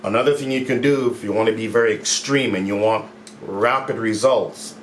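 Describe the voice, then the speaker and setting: A man talking to camera as a mindset coach in a casual, upbeat way, repeating his phrases and stretching key words slowly. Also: lowish voice. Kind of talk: casual motivational talk to camera. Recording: echoey room with faint background noise.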